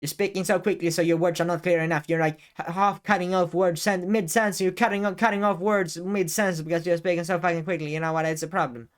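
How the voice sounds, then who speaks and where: Talking fast with few pauses, this young man has a high-pitched voice and fairly even intonation. He's a YouTuber giving casual on-camera advice, rambling with lots of fillers, restarts and an occasional swear word.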